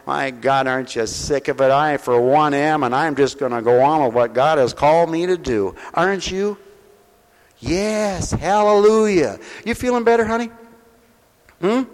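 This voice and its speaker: Folksy guy preaching at a mission, kinda high voice, long hall echo, goes loud then soft and personal. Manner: folksy, talks directly to listeners with questions; swings between loud preaching and soft intimate talk. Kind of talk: sermon.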